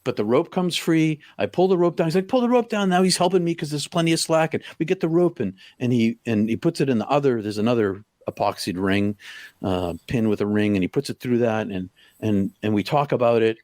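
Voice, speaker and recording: A middle-aged man recounts a personal story in a halting way, full of stops and restarts. His voice sits at a medium pitch. It is recorded dry, with little room sound. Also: no echo. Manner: halting, full of restarts, acts out quoted lines loudly. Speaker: podcast guest.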